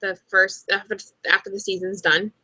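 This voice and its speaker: A young woman co-hosting a casual livestream chat, relaxed and chatty. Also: medium pitch, moderate pace, dry recording. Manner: relaxed and chatty, short replies. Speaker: co-host of a book and TV chat livestream.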